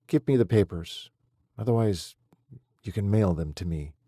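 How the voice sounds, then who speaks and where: A man voicing a grieving young wife in an audiobook, speaking in a flat, subdued monotone. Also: fairly low pitch, moderate pace, dry recording, clean studio sound. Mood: flat, sad.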